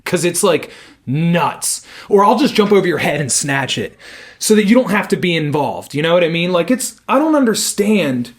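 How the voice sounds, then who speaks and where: A young podcast co-host tells a story in relaxed conversation, speaking with a high pitch at normal speed. He's animated and curses as he acts out what people said.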